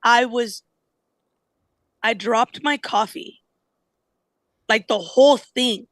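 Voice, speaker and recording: A young woman co-host tells a story in a lively, casual way and swears freely. Her voice sits a little high. The sound is close and dry, with no room echo. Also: slow pace. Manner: animated storytelling, swears often. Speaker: podcast co-host. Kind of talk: casual chat.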